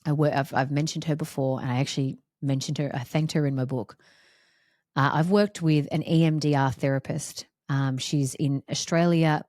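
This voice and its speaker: Low-voiced woman hosting a podcast. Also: a little mellow, no room sound, studio quality. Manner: emphatic, repetitive, heartfelt. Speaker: podcast host. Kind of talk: reflective solo podcast monologue.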